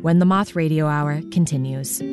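A woman hosting a radio show, reading calm scripted narration between stories. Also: sits low, normal speed. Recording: radio broadcast with music and crowd behind.

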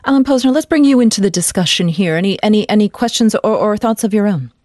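A woman's voice: medium pitch, darkish tone, no echo. A woman hosting a radio discussion, asking guests questions with frequent restarts. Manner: halting, with repeated restarts. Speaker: host.

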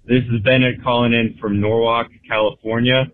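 A man's voice: mid-range voice, little pitch movement, moderate pace, no echo. A male caller telling an amused, rambling story over the phone. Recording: tinny phone line.

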